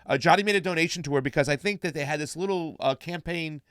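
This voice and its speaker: Host, male, casual and chatty, reads shout-outs; slightly high, smooth, dry studio sound. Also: quick pace, no room sound. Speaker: political show host. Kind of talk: casual live-stream chat.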